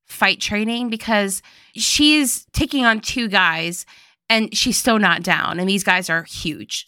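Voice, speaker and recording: Young woman cohost, bright crisp voice, playful and emphatic, dry mic. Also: medium pitch, no room sound. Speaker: podcast co-host. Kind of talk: casual movie recap chat.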